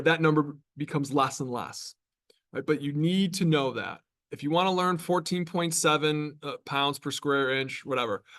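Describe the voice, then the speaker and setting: Give me a chatty male college lecturer from New York, teaching in a classroom. His voice sits a touch higher than most men's. He keeps it conversational and keeps checking in with the students. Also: a bit bright. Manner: conversational, chatty, with frequent tag questions.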